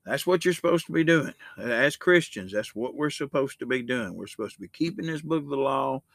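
A man's voice: medium pitch, animated, fairly quick, fairly bright tone, no echo, studio quality. A man hosting a Christian podcast, talking in a loose, rambling way and reading scripture aloud with rising emphasis. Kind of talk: casual spoken sermon.

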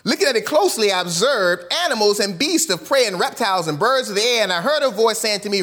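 A man's voice: high voice, quick pace, few pauses. A man preaching a sermon, reading scripture aloud and acting out the quotes, with casual, colloquial phrasing. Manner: animated preaching, reads scripture aloud, acts out quotes in voices. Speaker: pastor.

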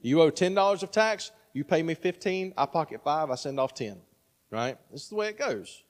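Preaching in a large hall, this man in his thirties keeps things conversational, regularly asking "right?" as he goes. He speaks at a normal speed with a fairly high voice and lively intonation.

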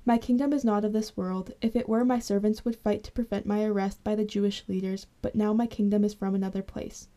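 A woman reading Jesus, calm and measured. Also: medium pitch, lightly acted. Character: Jesus, calm grown man on trial.

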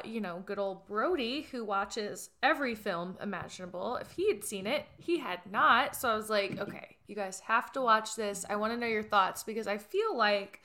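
A woman's voice: mid-range voice, sharp tone. A woman co-hosting a casual podcast chat, chatty and eager. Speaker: podcast co-host.

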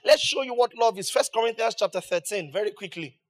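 Expressive and fast, a male preacher with a high-pitched voice addresses the congregation he regularly serves. His sermon leans on rhetorical questions and builds in emphasis as he makes his case.

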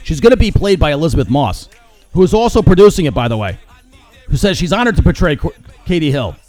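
Fast-talking sarcastic male podcast host. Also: a little high, very animated, darkish tone, faint music behind. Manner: sarcastic, mocking, ranting. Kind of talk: opinionated solo commentary.

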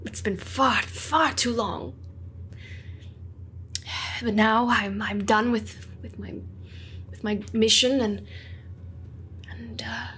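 A woman's voice: a little high, steady tone, slow pace, pauses often, a little hiss or hum. A woman playing a weary male halfling adventurer. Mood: weary tender. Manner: soft, sighing, trailing off.

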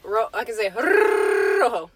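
A woman's voice: fairly high pitch, quick pace, a crowd in the background. A young woman co-hosting a podcast, goofy and joking in casual chat. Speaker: podcast co-host.

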